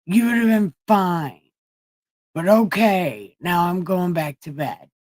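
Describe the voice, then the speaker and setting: A woman's voice: fairly low pitch, animated, slow, a little mellow, dry recording, clean studio sound. A woman quoting an irritated, sarcastic man in her own voice while retelling a story. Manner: sarcastic, dismissive.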